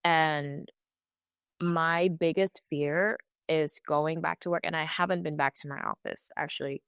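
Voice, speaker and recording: A young woman with a low, smooth voice, recorded close and dry. She speaks candidly and haltingly, stopping to restart and slipping into quoted asides. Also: very animated, a bit bright, no room sound. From California. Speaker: interview guest. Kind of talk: candid personal account.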